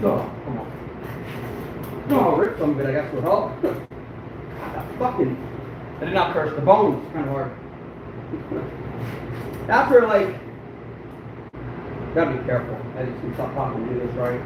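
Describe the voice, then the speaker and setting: Fairly high in pitch with lively intonation, the man speaks briskly and pauses often. He's a fur trapper chatting casually to his audience during a live-stream demonstration, frequently swearing and complaining to himself in a frustrated, self-deprecating manner. The mic is far away in an echoey room, with noise behind him.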